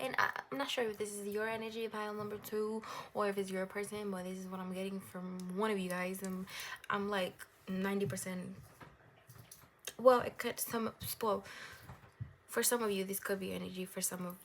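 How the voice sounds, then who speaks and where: Gravelly young woman giving a tarot reading. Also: mid-range voice, a little hiss or hum. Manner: rambling, gentle and reassuring, laughs at herself. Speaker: tarot reader. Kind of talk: casual tarot reading to camera.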